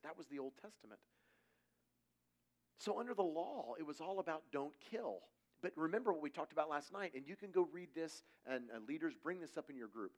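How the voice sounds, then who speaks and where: A middle-aged man giving a conversational sermon, telling stories casually and acting out quoted voices. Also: on the high side. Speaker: preacher.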